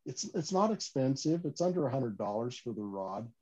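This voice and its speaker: A man telling stories about fishing rods in a casual interview, animated and full of restarts and "you know". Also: mid-range voice, a little fast. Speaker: fishing gear company guest. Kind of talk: casual podcast interview storytelling. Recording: slightly dull lo-fi audio.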